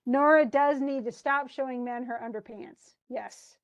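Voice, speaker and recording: Chatty woman teacher, higher voice. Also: a little slow, muffled recording. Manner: chatty, reads quotes aloud, laughs often. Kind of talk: literature class discussion.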